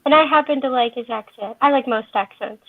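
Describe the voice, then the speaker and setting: A woman chatting casually on a panel, telling stories in a lively, talkative way. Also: sits high, fairly quick, no room sound. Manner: chatty, storytelling. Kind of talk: casual chat. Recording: tinny phone-like online call audio.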